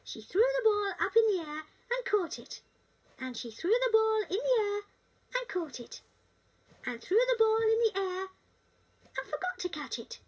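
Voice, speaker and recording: Cricket, a squeaky British talking doll. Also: female voice, very animated, moderate pace, distant mic, highs cut off. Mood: cheerful. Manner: sing-song, sweet and coaxing. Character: cheerful little girl talking doll. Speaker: storyteller. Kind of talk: children's storybook narration.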